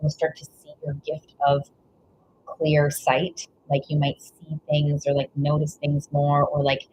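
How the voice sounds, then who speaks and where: A woman's voice: sits low, monotone, measured pace, a little mellow. A woman giving a live tarot reading, rambling and gushing with frequent exclamations of wonder. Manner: rambling, exclaims 'whoa' and 'wow' often; gushing, emotional. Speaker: tarot reader. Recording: slightly dull lo-fi audio with faint noise.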